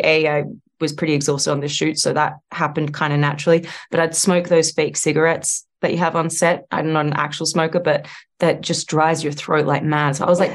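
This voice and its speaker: An Australian woman with a low voice chats freely in an interview. She talks in quick, looping sentences, stacking fillers and restarts as she thinks aloud. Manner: chatty, lots of likes and restarts, animated. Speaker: actress guest. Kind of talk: casual interview chat.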